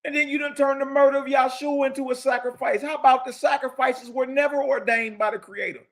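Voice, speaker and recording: A man's voice: very high voice, fairly quick. A man giving a mocking, slangy religious lecture, reading passages from a book aloud and riffing on them. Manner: mocking, preachy, slangy and lively, reads passages aloud then riffs. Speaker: teacher.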